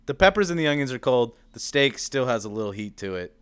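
A man's voice: mid-range voice, very animated, quick pace, clean tone. A man co-hosting a podcast in casual chat, dropping dry, wry quips. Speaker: podcast co-host.

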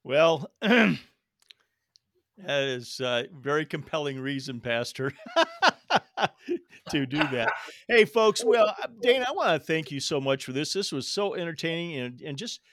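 A man's voice: a little high, sing-song, measured pace, pauses often, fairly bright tone, no room sound. A man hosting a podcast interview, reacting readily and heaping praise on his guest. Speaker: podcast host. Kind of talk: interview chat.

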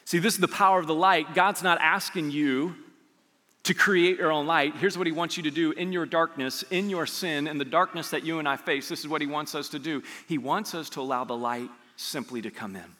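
High-pitched male pastor preaching in a hall. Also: brisk. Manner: animated preaching, rising to near-shouts on key lines. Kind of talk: sermon. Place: church sanctuary. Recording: long hall reverb.

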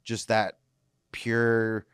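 A young man with a somewhat low voice, bantering casually on a podcast and laughing between trailing, restarted sentences. The sound is close and dry, with no room around it. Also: completely flat delivery, very slow, fairly bright tone, clear, resonant tone, dry recording. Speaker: comedian guest.

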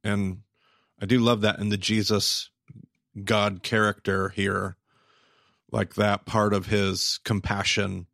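A man co-hosting a podcast in casual chat, animated and quick to exclaim. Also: lowish voice, creaky, dry recording, clean studio sound. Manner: animated, exclaims, quotes himself. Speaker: podcast co-host and teacher.

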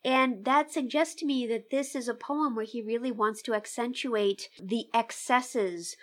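A woman discussing a poem thoughtfully and reflectively with a colleague, letting her voice soften at the ends of her thoughts. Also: fairly high pitch, unhurried. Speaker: interviewer and literature scholar. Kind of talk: conversational discussion.

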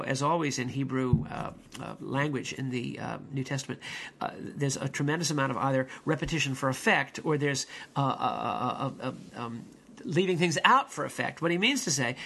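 A man's voice: fairly high pitch, gravelly, bright, forceful tone, breathy edge. A man preaching a rambling, digressive sermon with many fillers, restarts and folksy asides. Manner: folksy pop-culture asides.

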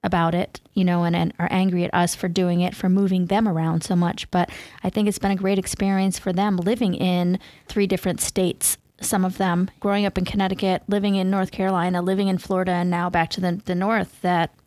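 A woman's voice: lowish voice, flat delivery, brisk, hardly any pauses, a little mellow, no room sound. Chatty woman in a dry recording. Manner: chatty, with many fillers and frequent laughter. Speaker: podcast co-host. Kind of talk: casual conversation.

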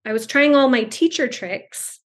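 A chatty woman guest on a video call, speaking a little high, full of fillers and restarts, slipping into voices when she quotes people. her pace wanders in a loose, storytelling way. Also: lively intonation, a little slow. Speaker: speech-language pathologist and guest. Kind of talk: casual conversational storytelling.

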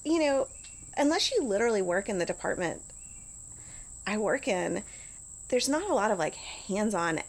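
A woman's voice: mid-range voice, big pitch swings, moderate pace, pauses often. A middle-aged woman talking casually as an interview guest, full of "like" and restarts. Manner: chatty, lots of "like" and restarts.

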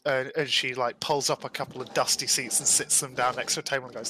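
A man's voice: mid-range voice, level tone, fast talker, hardly any pauses, pushed and bright, breathy edge. A man narrating a tabletop game as game master in a loose, descriptive way, with frequent ums. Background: faint music.

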